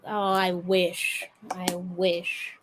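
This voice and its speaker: A woman's voice: medium pitch, measured pace, darkish tone, husky, low-quality recording. A young woman talking casually to her viewers, exasperated and dramatic, rambling on. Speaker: vlogger. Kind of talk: casual chat to camera.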